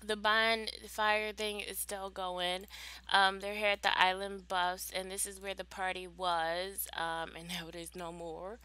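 A woman hosting a life-sim gameplay video, chatting casually and gushing excitedly to her viewers. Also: mid-range voice, unhurried, clear, resonant tone, dry recording. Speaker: let's play host. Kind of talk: casual gaming commentary.

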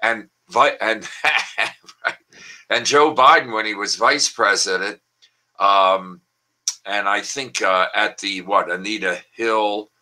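An older man with a low, very bright and forceful voice, chatting over a video call. He rambles cheerfully through puns, with plenty of ums and uhs. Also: takes it slowly, rough recording. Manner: chatty, with frequent filler words and pun-laden asides. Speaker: language columnist and guest. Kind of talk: casual online wordplay talk.

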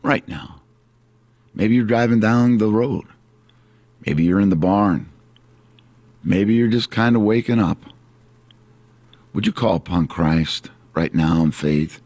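A low-voiced man delivers an earnest sermon at an unhurried pace. He repeats his points and slows on the words that matter most. The sound is dry and close. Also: a little mellow, husky, no echo. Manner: earnest, repetitive preaching, slowing on key phrases. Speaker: pastor.

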